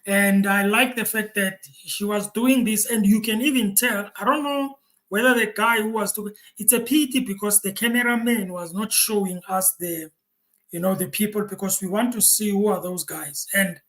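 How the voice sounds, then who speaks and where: A man's voice: high voice, steady tone, normal speed, fairly bright tone, poor audio. A man hosting a reaction video, talking casually to viewers with many repeated words and restarts. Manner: repetitive, stammering restarts, chatty asides to viewers.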